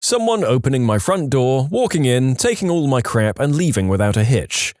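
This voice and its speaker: Animated male story narrator. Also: mid-range voice, moderate pace, no room sound, clean studio sound. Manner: animated reading, acting out quoted lines in raised voices. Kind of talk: reading online stories aloud.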